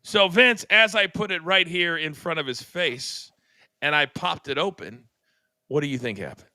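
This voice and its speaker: A man's voice: a little high, expressive, normal speed, sharp tone, no echo. An older man, a co-host of a talk show, telling a long story with dramatic flair and acted-out sound effects. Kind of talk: animated storytelling.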